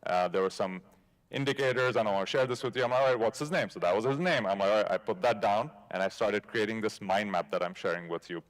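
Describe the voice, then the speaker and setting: A man's voice: fairly low pitch, quick pace. A man giving a conference talk, telling a story in a casual way and acting out bits of dialogue. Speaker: conference speaker. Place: conference stage.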